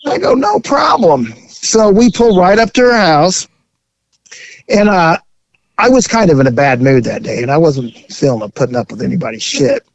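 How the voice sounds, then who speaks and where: Brief: male podcast host, somewhat high voice, rambling joking storyteller, dull dry audio. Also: moderate pace, creaky, dry recording.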